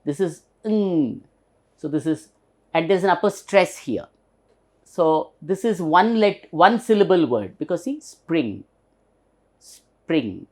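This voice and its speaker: Slow, patient Indian English teacher. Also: male voice, a little high, big pitch swings. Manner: patient, spells words letter by letter and repeats them for emphasis. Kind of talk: recorded pronunciation lesson.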